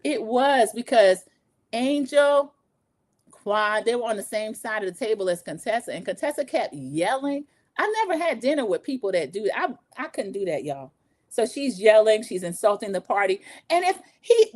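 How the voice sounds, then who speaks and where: A woman in her forties hosting a casual livestream recap, gossipy and animated, talking straight to her viewers. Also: fairly high pitch. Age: 40s. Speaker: show recap host.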